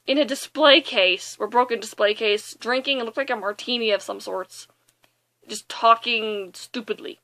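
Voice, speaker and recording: A young woman casually retelling a movie's plot in a rambling, excitable way, with lots of fillers. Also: on the high side, normal speed. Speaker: movie reviewer.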